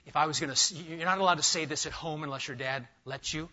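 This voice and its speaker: A man preaching an expository sermon to a congregation, animated and emphatic, firing rhetorical questions and talking straight to his listeners. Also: on the high side, quick pace, dull audio. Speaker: pastor. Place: church sanctuary with a live congregation.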